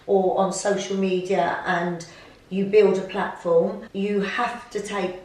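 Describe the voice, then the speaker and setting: A woman's voice: medium pitch, fairly even intonation, slow, darkish tone. A middle-aged woman, a podcast host in casual chat, supportive and agreeing. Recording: echoey room from a distance.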